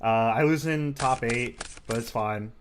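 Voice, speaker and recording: A man casually commentating a card game match, relaxed and chatty with lots of fillers. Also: medium pitch, measured pace, background noise.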